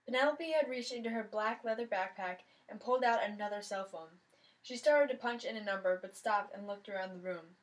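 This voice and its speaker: A woman's voice: mid-range voice, brisk, low-quality recording. Woman reading a novel aloud. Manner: expressive first-person storytelling. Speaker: reader of a novel.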